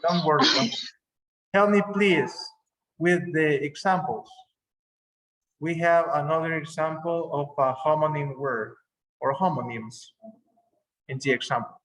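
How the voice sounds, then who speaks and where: A man's voice: a little high, a little slow, long pauses, fairly bright tone, poor audio. A man who speaks Spanish as a first language, teaching an English class on a video call in a patient manner, repeating words for emphasis.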